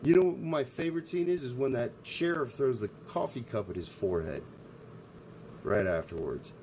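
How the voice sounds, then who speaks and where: A man's voice: medium pitch, normal speed, a little mellow, slight background noise, poor audio. A man streaming live, ranting in a profane, abrasive way. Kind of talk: casual livestream rant.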